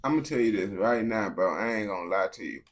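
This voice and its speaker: A man's voice: fairly low pitch, animated, quick pace, soft background music. A man giving casual reaction commentary, blunt and profane, full of slang and repeated phrases. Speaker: reaction streamer.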